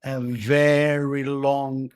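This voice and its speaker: A man hosting a conversation, gentle and halting, often trailing off softly. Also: mid-range voice, flat delivery, clean tone, no echo, clean studio sound. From born in Belgian Congo. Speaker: host. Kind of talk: casual conversation.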